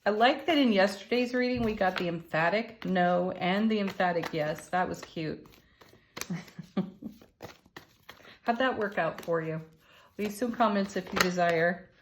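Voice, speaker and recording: A woman giving a relaxed spiritual tarot reading, encouraging and gentle, with soft laughs and murmured asides. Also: mid-range voice, unhurried, pauses often, slight background noise. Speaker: tarot card reader and channel host. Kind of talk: unscripted spiritual card reading.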